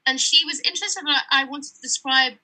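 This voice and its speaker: A woman's voice: high voice, fairly quick, pushed and bright, poor audio. A woman giving a chatty, digressive conference talk as an author, reading from her book between asides.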